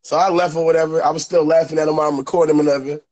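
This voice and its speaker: A man's voice: fairly high pitch, very fast. A man casually telling a story, acting out both sides of an argument. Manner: animated storytelling, acting out a confrontation. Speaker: storyteller on a call. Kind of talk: casual chat. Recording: noisy phone line with clicks.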